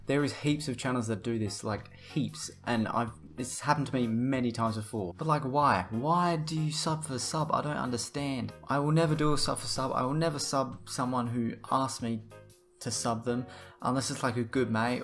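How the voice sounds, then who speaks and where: A man's voice: medium pitch, fairly even intonation, normal speed, soft background music. A young man rants to camera in a blunt, profane, rambling way. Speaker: vlogger. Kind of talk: casual ranting to camera.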